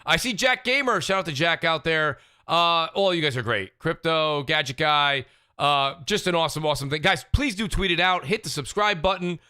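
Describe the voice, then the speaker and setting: A man hosting a casual gaming podcast in an animated, joking way. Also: on the high side, moderate pace, clean tone, no room sound, studio quality. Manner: animated, jokey, gives chat shout-outs. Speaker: podcast host.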